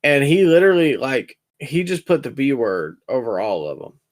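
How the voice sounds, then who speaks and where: A young man co-hosting a casual wrestling review podcast, talking in an animated, sarcastic way. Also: medium pitch, normal speed. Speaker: podcast co-host.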